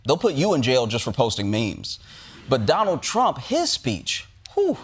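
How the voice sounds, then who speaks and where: A man delivering a sarcastic, animated comedic monologue as host. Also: mid-range voice, unhurried, husky.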